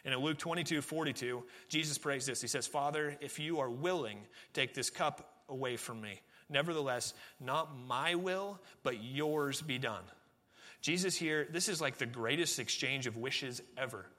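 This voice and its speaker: A man, a pastor, preaching a sermon earnestly, pushing phrases up with emphasis and then dropping to a quieter, intimate tone. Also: medium pitch, normal speed, hardly any pauses, in a large hall.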